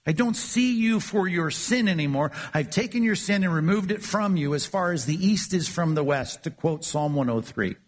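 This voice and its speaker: A man's voice: a little high, animated, moderate pace, few pauses. A man preaching a sermon, earnest and emphatic, often repeating words as he builds his points. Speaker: pastor.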